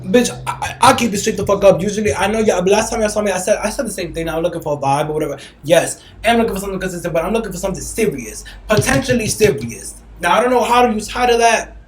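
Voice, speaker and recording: A woman's voice: mid-range voice, fast talker, a little hiss or hum. Blunt, profane woman podcaster in an echoey room. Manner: blunt, profane, animated, acts out quotes. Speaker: podcast host. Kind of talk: casual storytelling chat. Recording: roomy echo.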